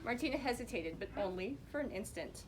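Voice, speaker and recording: A woman reading a picture book aloud to children, expressive and asking them questions. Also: on the high side, fairly quick, background noise.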